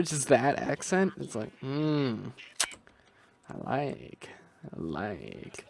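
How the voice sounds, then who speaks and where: A young man narrates his own gameplay in a loose, rambling way, thinking aloud and restarting his sentences often. His voice rises and falls with a lot of melody, and he talks at an unhurried, slow pace. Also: mid-range voice, wildly swooping pitch, creaky, darkish tone, dry recording. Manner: rambling, self-talking, musing aloud with restarts. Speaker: gaming video creator. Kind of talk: casual gameplay commentary.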